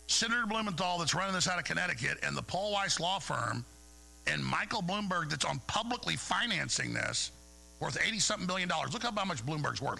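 A man with a high, gravelly, sharply bright voice rants through a radio monologue. He stumbles over repeated words as he pushes on. A faint mains hum sits under the recording. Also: rough recording. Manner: rambling, repeats words, heated. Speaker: radio show host. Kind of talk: agitated talk radio monologue.

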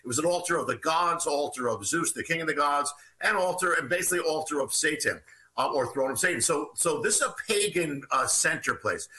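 A man's voice: on the high side, expressive, brisk, sharp tone, rough recording. A man guesting on a radio show as an author, telling a story at length in an earnest, expansive way. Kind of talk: radio interview, explaining a story.

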